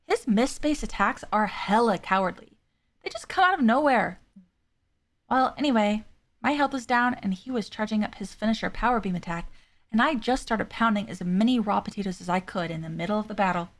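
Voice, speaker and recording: A woman's voice: medium pitch, lively intonation, a little fast, close to an everyday voice. A woman reading the lines of a boastful young female warrior, brash and swaggering, using casual slang. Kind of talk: reading game dialogue aloud.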